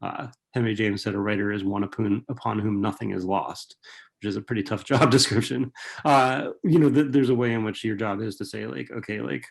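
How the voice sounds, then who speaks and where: A man's voice: lowish voice, steady tone, a little fast, gravelly. A man who writes and teaches fiction, answering audience questions in a rambling, casual way full of fillers and rhetorical "right?" tags, over a video call. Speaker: author and writing professor.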